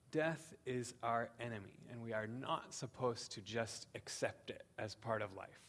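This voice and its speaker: A man's voice: medium pitch, a bit bright. Earnest man preaching a sermon. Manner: earnest, with slow emphatic pauses and frequent "um". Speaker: pastor.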